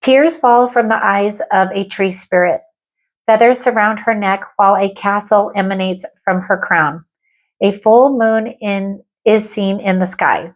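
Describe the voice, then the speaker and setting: A woman gives a spiritual tarot reading in a voice of ordinary pitch. She speaks earnestly and gently, offering soft reassurance. When she reads card descriptions aloud, her delivery turns measured and calm.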